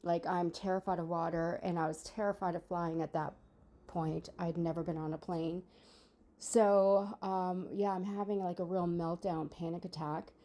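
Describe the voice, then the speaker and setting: A woman's voice: on the low side, fairly even intonation, moderate pace, warm tone. A woman in her sixties telling a personal story in a chatty, rambling way with many fillers. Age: 60s. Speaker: vlogger. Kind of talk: casual storytelling monologue.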